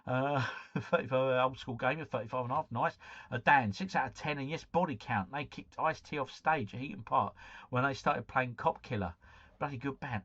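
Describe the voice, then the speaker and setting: A man's voice: medium pitch, normal speed, a bit bright, highs cut off. A man hosting a casual live stream, chatting to viewers, reading out quiz scores and breaking into bits of song.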